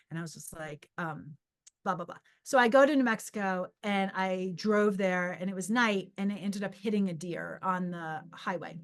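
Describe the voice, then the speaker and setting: A middle-aged woman telling a story casually on her own podcast. She talks in a loose, animated ramble, restarts her sentences and acts out what she was thinking. Her pitch sits in the ordinary middle range for a woman. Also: moderate pace. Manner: animated, rambling, with many restarts and acted-out inner voices. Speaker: podcast host and psychic medium.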